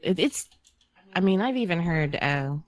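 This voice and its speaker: Chatty podcast co-host woman, lively low voice. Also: moderate pace. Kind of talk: casual chat.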